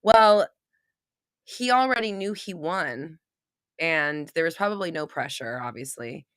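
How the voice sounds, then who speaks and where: Low-pitched young woman host, chatty, laughs a lot, reads out comments; dry close mic. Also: animated, a little slow, fairly bright tone, smooth, no echo. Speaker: livestream host. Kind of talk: casual live stream chat.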